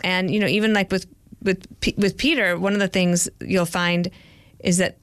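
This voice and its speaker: A woman's voice: on the low side, fairly even intonation, normal speed, no room sound. Chatty woman podcast host, close and dry. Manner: chatty, teasing, asks questions. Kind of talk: casual chat.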